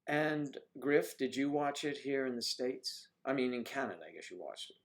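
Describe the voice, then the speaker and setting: An older man hosting a casual livestream, chatting with viewers in a teasing way and dropping into soft asides. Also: mid-range voice, lively intonation, normal speed. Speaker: livestream host. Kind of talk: casual chat reading viewer comments. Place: home livestream.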